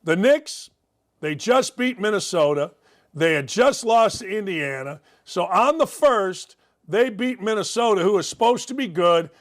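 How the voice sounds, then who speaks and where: Sarcastic, high-voiced man ranting. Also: animated, measured pace. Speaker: sports talk show host. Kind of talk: opinionated sports and politics rant.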